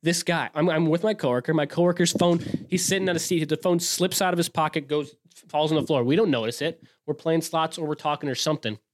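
A young man from Wisconsin, a show host, telling a story in an excitable, rambling, profane way with frequent restarts. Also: on the high side, fast talker. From Wisconsin, US Midwest. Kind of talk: casual storytelling monologue.

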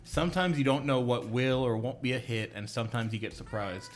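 A man's voice: medium pitch, a little fast, soft background music. A man co-hosting a casual film podcast, telling a short anecdote in an easygoing, dry way. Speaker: podcast co-host.

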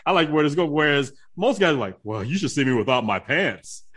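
A man chats casually, telling stories with a voice that swings up and down in lively turns. He jokes, laughs and swears along the way, pitched a little high. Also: brisk, breathy edge. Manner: expressive, laughing, swearing, joking. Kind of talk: casual chat.

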